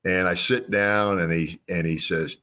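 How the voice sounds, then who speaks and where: In a storytelling interview, a former quarterback from Illinois in his sixties relaxes into folksy anecdotes, often backing up to restart. His low voice is bright and forceful, with fairly even intonation.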